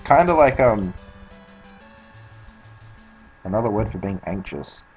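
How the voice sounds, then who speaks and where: Soft music plays behind a low-quality recording of a man with a lowish, expressive voice speaking fairly quickly. He's an Australian speedrunner streaming, rambling through casual gameplay commentary, swearing often and laughing at himself.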